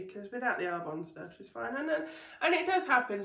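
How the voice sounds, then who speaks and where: A woman tells stand-up stories in a chatty, ranting way, swearing freely. Her voice sits a little high. She is recorded at home in an echoey room, some distance from the mic. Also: very animated, fairly quick, creaky, a bit bright. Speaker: comedian. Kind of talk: stand-up comedy vlog.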